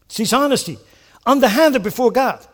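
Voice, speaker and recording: A male pastor preaching a sermon, animated, firing off rhetorical questions and acting out prayers. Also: very high voice, moderate pace.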